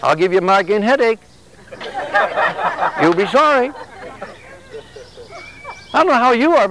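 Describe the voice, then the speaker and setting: High-voiced man preaching conversationally. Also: fairly bright tone, rough recording. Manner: conversational preaching with acted-out exchanges. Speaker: religious speaker. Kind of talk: sermon.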